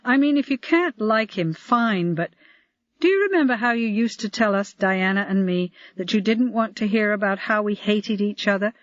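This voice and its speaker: A woman's voice: mid-range voice, normal speed, no echo, natural voice. Defiant grown daughter, firm and reproachful, reader doing her, lo-fi dry audio. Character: young adult daughter, defiant and grim.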